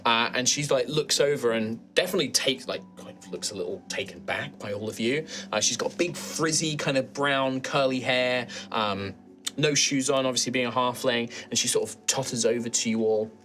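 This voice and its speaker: A man's voice: mid-range voice, moderate pace, fairly bright tone, faint music behind. Rambling man as game master. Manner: rambling, full of fillers. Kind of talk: narrating a tabletop game.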